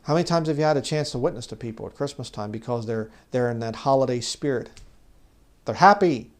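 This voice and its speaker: A man giving an informal bible teaching, talking conversationally and growing louder when he reads scripture. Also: medium pitch, fast. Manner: conversational, rises loud when reading scripture; mocks legalists in put-on voices. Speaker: preacher.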